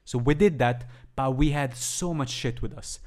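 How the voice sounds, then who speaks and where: A man's voice: mid-range voice, normal speed, darkish tone. A man co-hosting a podcast, telling a story in casual chat, rambling with restarts, swearing and laughing. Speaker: podcast co-host.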